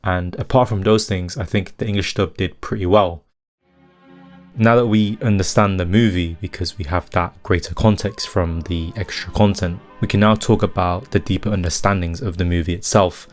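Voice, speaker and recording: Deep-voiced man narrating a video essay. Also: fairly even intonation, moderate pace. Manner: analytical, critiquing translation choices. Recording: faint guitar music behind.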